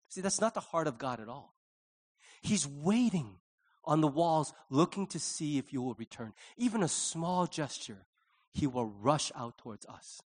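A man's voice: fairly high pitch, expressive, measured pace. A middle-aged male pastor preaching a conversational sermon, acting out little quoted voices along the way.

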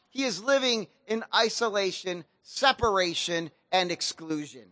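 A man's voice: high-pitched, lively intonation, unhurried, pushed and bright, dry recording. A man pastor preaching a sermon in a casual, slangy storytelling way.

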